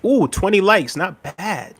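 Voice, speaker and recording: A man's voice: high voice, lively intonation, a little slow, creaky, fairly bright tone, slight background noise. A man chatting casually on a live stream, reading out chat messages, repeating himself and laughing often.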